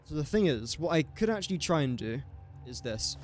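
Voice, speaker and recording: A man's voice: on the high side, sing-song, a little fast, soft background music. A young English man casually thinking aloud while streaming a building game and chatting to viewers. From England. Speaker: gaming streamer. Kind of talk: casual live-stream commentary.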